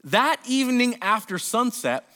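A man's voice: extremely high pitch, sing-song, measured pace, pushed and bright. A male pastor preaching a sermon, reading scripture aloud and explaining it with casual, joking asides and voiced-out lines.

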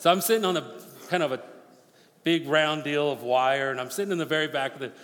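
A man preaching a sermon as pastor, swinging from forceful near-shouted appeals to hushed, quick storytelling. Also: fairly high pitch. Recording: long reverb of a large hall.

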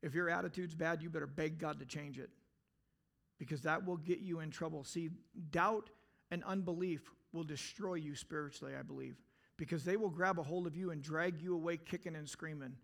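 A man with a high voice preaches a sermon in an earnest, searching tone. He keeps asking the listeners direct questions. He swells into emphatic outbursts and then sinks back to a low, quiet delivery. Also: a little fast, vocal fry. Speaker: pastor.

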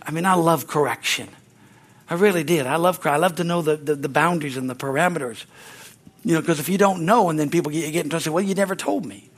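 Older guy pastor preaching, folksy n chuckly, kinda high voice, church service. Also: fast. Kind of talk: sermon. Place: church sanctuary.

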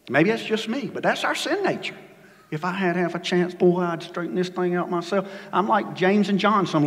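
A man's voice: expressive, fairly quick. Man preaching in a reverberant hall. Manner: dynamic preaching, swings from loud emphasis to hushed low lines. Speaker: pastor. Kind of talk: sermon. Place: church sanctuary.

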